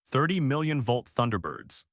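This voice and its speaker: A man narrating an audiobook as scripted narration, reading in a flat, even way. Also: medium pitch, normal speed, dry recording.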